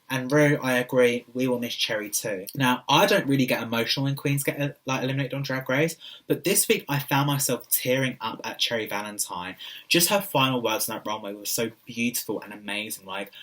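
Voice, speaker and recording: A man's voice: mid-range voice, normal speed, a bit bright, distant mic. A young British man in drag, recapping a TV show in a camp, cheeky, sassy casual vlog. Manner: camp, cheeky, sassy, addresses people directly. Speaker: drag queen reviewer.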